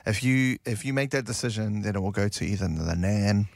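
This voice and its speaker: A man's voice: fairly low pitch, a little fast, gravelly, no room sound. A man with a New Zealand accent co-hosting a radio show, chatting casually and rambling a little. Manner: laid-back, rambling, says man a lot. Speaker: radio host. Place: radio studio.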